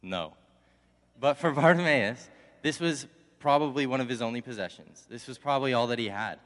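A young man, a college intern, delivers a casual, conversational sermon in a mid-range voice at normal speed. He becomes animated when acting out the crowd, and a long hall reverb colors the recording.

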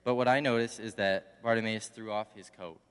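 A man's voice: fairly low pitch, fairly quick, smooth. A young man, a college intern, giving a casual, conversational sermon. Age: young adult. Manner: conversational, animated when acting out the crowd. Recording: long hall reverb.

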